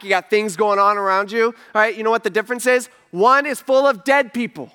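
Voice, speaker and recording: Guy preaching, high bright voice, chatty, keeps asking the crowd questions. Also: a little fast, smooth. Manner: conversational, asks the audience rhetorical questions; emphatic, builds to forceful passages. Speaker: pastor. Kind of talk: sermon.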